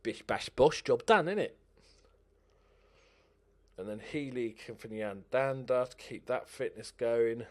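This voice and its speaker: A man giving casual, excitable commentary over a game, talking to himself and swearing. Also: medium pitch, a little slow, long pauses.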